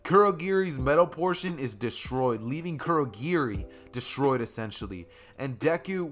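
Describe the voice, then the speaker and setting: A young man narrates a fan story in a casual, rambling way, often circling back over his phrasing. His voice sits in a middle male pitch. Faint music plays behind him. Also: a bit bright.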